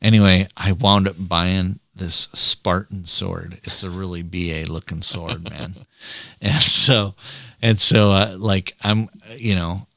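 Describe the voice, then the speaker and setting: Lowish-voiced guy rambling through stories on his podcast, dry studio sound. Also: fairly even intonation, slow, sharp tone, dry recording. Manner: chatty, rambling storyteller. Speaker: podcast host, father of three girls. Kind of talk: casual chat.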